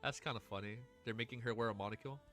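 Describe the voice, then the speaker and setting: A man streaming casually, chatting excitedly with his audience, swearing and gushing, at times near tears. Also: mid-range voice, fast, faint music behind. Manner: excitable, swears often, gushes and laughs. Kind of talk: casual livestream chat.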